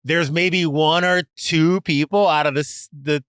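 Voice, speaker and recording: A man in his thirties, a podcast guest, telling lively stories in casual chat and acting out the people in them. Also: measured pace, clean tone, no room sound, studio quality. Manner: animated, acts out quoted people with big pitch jumps and whispers.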